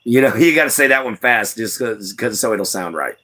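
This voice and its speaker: Young Southern male streamer, slightly low voice, easygoing folksy chatter. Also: expressive, a little fast, bright, forceful tone, slight background noise. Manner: rambling, folksy, reads chat aloud, chuckles often. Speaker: livestream host. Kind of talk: casual livestream chat.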